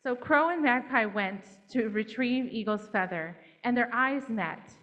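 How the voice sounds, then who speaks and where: A woman telling a children's fable in a gentle, interactive way, drawing the children in to join. Her voice is fairly high, and the recording is dull and lo-fi. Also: a little slow. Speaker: church storyteller. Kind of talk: storytelling to children.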